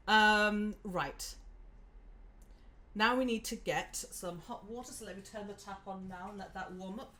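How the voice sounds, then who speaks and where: A woman's voice: mid-range voice, unhurried, fairly bright tone. A woman hosting a live cooking stream from her home kitchen, chatting casually and giggling as she talks through each step.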